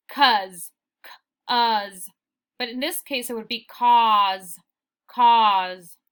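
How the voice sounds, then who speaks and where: A young woman teacher giving a recorded phonics lesson, slowly sounding out word parts for her students. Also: a little high, bright, forceful tone.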